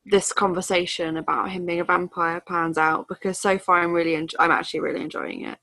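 Woman, podcast co-host, lower register, dry booth sound, casual and animated. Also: brisk, dry recording. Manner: chatty, acts out quotes in silly voices. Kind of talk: casual book discussion.

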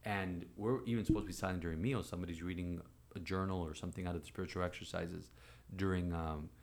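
Man, 40s, priest, fairly low voice, animated storyteller. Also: fast. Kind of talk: storytelling in conversation.

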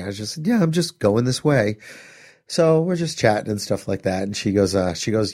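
A middle-aged man with a fairly low voice, spinning a rambling family anecdote in relaxed chat. He keeps breaking into laughter and tossing in asides as he goes. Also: normal speed. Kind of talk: casual storytelling chat.

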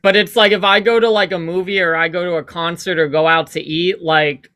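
A man's voice: high voice, steady tone, brisk, sharp tone. A man talking as a podcast guest in a rambling, casual way, full of "like" fillers. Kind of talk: casual interview chat.

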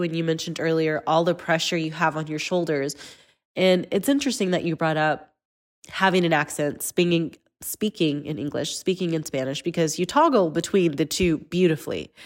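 Brief: woman host, 30s, lowish voice, earnest, personal. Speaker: podcast host. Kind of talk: conversational interview.

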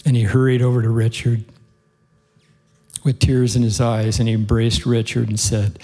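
Man, preacher, sermon storytelling, earnest, gravelly, warm tone. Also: mid-range voice, little pitch movement, normal speed, long pauses. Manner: earnest, heartfelt storytelling with occasional soft laughs.

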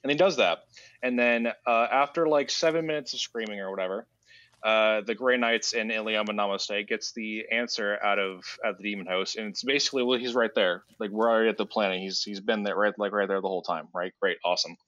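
A man's voice: on the low side, a little fast, fairly bright tone, dry recording, dull audio. A man hosting a casual podcast who rambles through a story recap in a sarcastic, mock-casual way. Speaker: podcast host.

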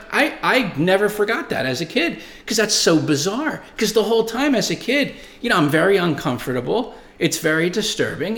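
A man in his forties with a high-pitched, fairly bright voice hosts a show in a roomy-sounding space. In a casual monologue he tells stories and reads viewer comments, rambling, swearing, and speaking emphatically.

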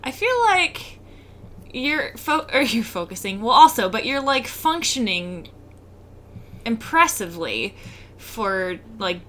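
A woman's voice: on the high side, very animated, takes it slowly, fairly bright tone, slight background noise. A woman in a casual chat who laughs a lot and talks hesitantly with many fillers.

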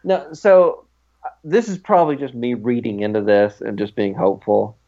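A man's voice: mid-range voice, moderate pace, warm tone, highs cut off. A man co-hosting a casual podcast chat, an eager fan who talks with many fillers. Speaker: podcast co-host.

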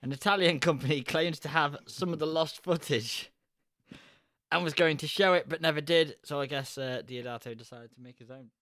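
A man's voice: a little high, moderate pace, a bit bright, no room sound, clean studio sound. A man co-hosting a casual podcast chat, laughing often as he reads facts from his notes. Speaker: podcast co-host.

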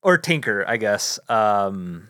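A man's voice: lowish voice, sing-song, slow pace, bright, forceful tone, smooth, no echo, studio quality. Hesitant joking male player. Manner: hesitant, jokey. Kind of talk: casual game chat.

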